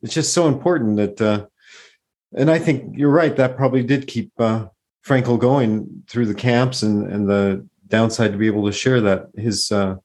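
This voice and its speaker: A man's voice: on the low side, steady tone, normal speed, a little mellow. A man hosting a podcast in casual conversation, engaged and thoughtful, with frequent "uh" fillers.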